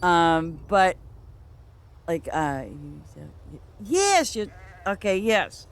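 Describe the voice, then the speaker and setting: A woman's voice: fairly low pitch, big pitch swings, slow, gravelly. A woman chatting casually while she streams a game, rambling from story to story and laughing often. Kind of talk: casual chat while playing. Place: home, in Boston.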